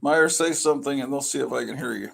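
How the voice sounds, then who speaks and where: A man's voice: mid-range voice, fast, gravelly, fairly bright tone. A man hosting his own live stream, chatting in a loose, meandering way with wry, self-deprecating asides, talking into his computer microphone. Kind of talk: casual rambling live stream chat.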